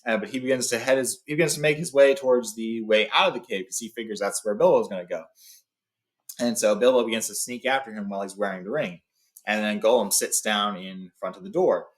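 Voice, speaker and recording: A man's voice: on the low side, brisk. A young adult man retelling a story in a loose, casual way with fillers, then reading passages aloud.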